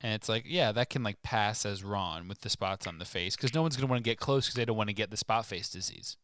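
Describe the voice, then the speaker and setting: A man's voice: on the low side, fast, fairly bright tone, clear, resonant tone, dry recording, clean studio sound. A man co-hosting a podcast, chatting casually about a book and riffing jokes with his co-host. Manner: jokey, riffs with goofy bits. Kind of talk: casual book-discussion chat.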